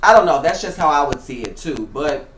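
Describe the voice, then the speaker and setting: A man's voice: on the high side, animated, a little fast, fairly bright tone, slight background noise. A man hosting a show, giving casual reality TV commentary in a chatty way, with many fillers and restarts. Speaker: show host. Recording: echoey room.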